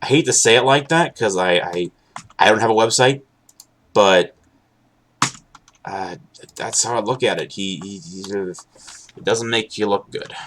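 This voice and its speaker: A young man chatting casually while live streaming, rambling and halting with many restarts and an occasional sarcastic aside. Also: on the low side, a bit bright, slight background noise. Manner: candid, sarcastic at times.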